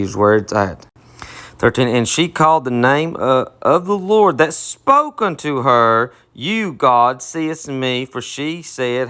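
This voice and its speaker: A man's voice: mid-range voice, fairly bright tone, clear, resonant tone. A man with a Southern US accent giving a Bible study sermon. He reads verses aloud and then explains them emphatically, repeating himself, correcting himself and checking in with "okay?". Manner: emphatic, repetitive, self-correcting. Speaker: Bible teacher.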